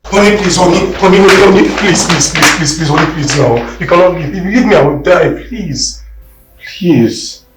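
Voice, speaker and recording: A man's voice: mid-range voice, animated, measured pace, echoey room, music in the background, lightly acted, low-quality recording. An actor with a Nigerian accent playing a guilty husband who begs his wife to stay. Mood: desperate. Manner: begging, remorseful. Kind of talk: Nollywood film drama.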